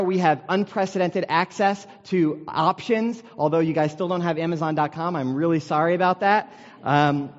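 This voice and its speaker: An American man preaching a sermon in a conversational, storytelling way with self-deprecating humor, recorded in a large meeting hall. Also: a little high. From United States. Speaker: pastor. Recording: dull sound with long hall reverb.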